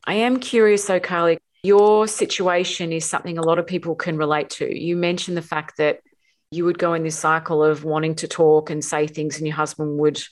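A woman's voice: sits low, little pitch movement, fairly quick. A woman hosting a relationship coaching podcast, talking emphatically and repeating words for stress. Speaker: podcast host.

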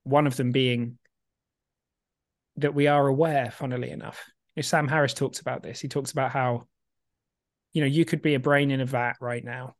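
A man co-hosting a podcast, explaining ideas in an animated, emphatic way with casual swearing. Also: medium pitch, normal speed, pauses often, no echo, clean studio sound. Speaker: podcast co-host.

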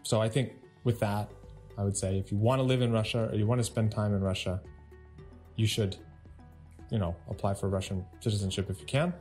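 A man hosting a casual podcast, upbeat and animated as he tells stories. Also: fairly low pitch, brisk, soft background music. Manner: upbeat, animated storytelling with frequent laughs. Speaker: podcast host.

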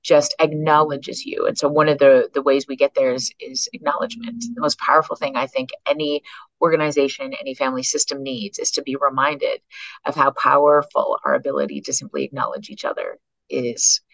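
A woman's voice: very deep voice, brisk, gravelly, no echo. A woman from Canada, a psychologist and author, telling stories as a podcast guest and acting out the people she quotes. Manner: animated storyteller who acts out quoted voices. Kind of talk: storytelling in a conversation.

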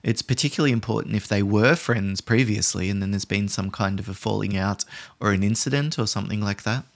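Man, podcast host, lowish voice, calm explanatory talk. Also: a little fast, gravelly. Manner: calm, explanatory, conversational with many restarts. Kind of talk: instructional podcast monologue.

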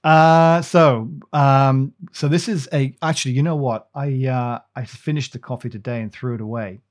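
A man talking casually as host, his sentences trailing off and restarting as he rambles. He teases his co-host in an easy, middle-pitched voice. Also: steady tone, normal speed. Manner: rambling, many restarts, teasing. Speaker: podcast host. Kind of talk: casual chat.

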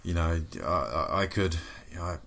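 A man's voice: deep voice, expressive, moderate pace, gravelly. A man hosting a podcast, talking in a friendly way and praising his guest generously. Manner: warm, effusive praise, friendly. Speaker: podcast host. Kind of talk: casual interview chat. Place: indoors, late at night after a workshop.

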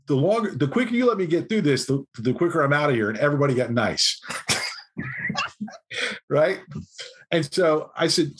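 Guy with a husky voice telling a funny story on a podcast, jumps into voices for quotes. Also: medium pitch. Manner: animated anecdote-telling, acts out quotes. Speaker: podcast guest, author. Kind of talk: conversational storytelling.

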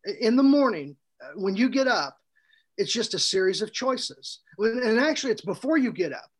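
A man co-hosting a podcast, telling a story in a casual, animated way, laughing often and restarting his sentences. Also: sits high, normal speed. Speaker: podcast co-host and author.

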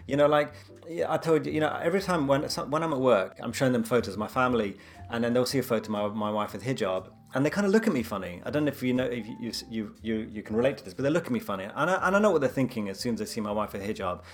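Man, quick and chatty, mid-pitched, filler-heavy storyteller. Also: faint music behind. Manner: fast, animated storytelling with many fillers. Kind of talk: casual conversation.

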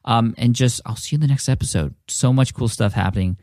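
A man's voice: medium pitch, fast talker, darkish tone, no echo, studio quality. A man hosting a podcast, talking with enthusiasm and many restarts and fillers. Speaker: podcast host. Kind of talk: casual podcast talk.

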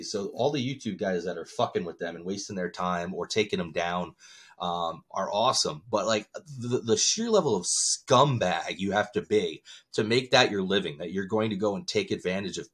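A man's voice: low-pitched, lively intonation, a little fast, husky. A man hosting a podcast in casual chat, talking bluntly, swearing freely and rambling with restarts. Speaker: podcast host.

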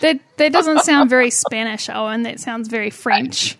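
Woman, podcast host, high voice, chatty, gushing, dry close sound. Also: moderate pace, gravelly, fairly bright tone, dry recording. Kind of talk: casual podcast interview.

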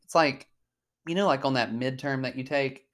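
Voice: medium pitch, moderate pace, fairly bright tone. A podcast host in casual chat, talking freely, swearing and laughing often.

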